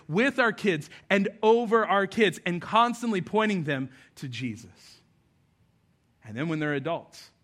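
A male pastor preaching a sermon in a conversational, animated, self-deprecating way. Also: a little high.

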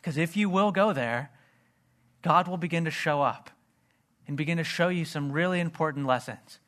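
Pastor, male, earnest sermon delivery, voice sits a bit high. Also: moderate pace, a bit bright.

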